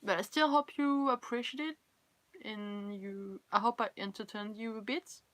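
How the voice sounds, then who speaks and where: A tired young cosplay livestreamer from France, a native French speaker with a French accent, chats casually on a live stream. Her medium-pitched voice is fairly bright, at normal speed with no echo. She giggles often, reads viewers' comments aloud, and puts herself down.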